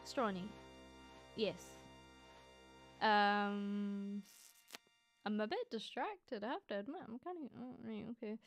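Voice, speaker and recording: A woman's voice: mid-range voice, expressive, slow pace, pauses often, soft background music. Chatty Scottish woman, rambling and sweary. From Scotland. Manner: rambling, sweary, laughs often. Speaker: VTuber streamer. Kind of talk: casual livestream chat.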